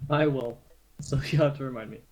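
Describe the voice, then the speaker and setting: A man with a Southern US accent, playful and quick to laugh while chatting in a game. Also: medium pitch, over a noisy crowd, rough recording. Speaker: player. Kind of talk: casual voice chat.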